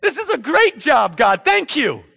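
A man's voice: fairly high pitch, expressive, normal speed, vocal fry, fairly bright tone, breathy edge, pitched above the performer's own voice, heavily acted. A man voicing an indignant, proud male archangel messenger with emphatic, exclaiming stresses. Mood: jubilant. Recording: echoey hall.

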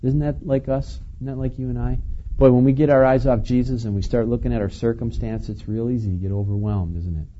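A man preaching a sermon in a relaxed, conversational way, chuckling now and then and asking the listeners questions. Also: mid-range voice, fairly quick, highs cut off. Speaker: pastor.

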